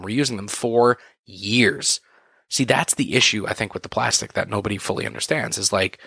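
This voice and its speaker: A low-pitched man with a gravelly edge rants through his podcast, swearing freely and tripping over fillers as he vents. His tone stays bright and forceful, recorded dry and close. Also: dry recording. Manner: profane, exasperated, filler-heavy. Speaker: podcast host. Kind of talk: casual ranting monologue.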